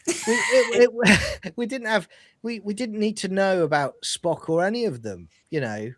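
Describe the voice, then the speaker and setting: A man's voice: high voice, moderate pace, a crowd in the background. A British man co-hosting a podcast in casual chat, ranting with exasperation and putting on mocking voices. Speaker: podcast co-host.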